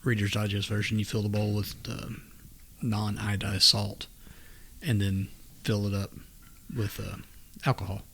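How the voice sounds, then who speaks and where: A man co-hosting a casual chat over drinks, laid-back and halting as he explains things. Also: lowish voice, flat delivery, a bit bright, breathy edge. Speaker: podcast co-host.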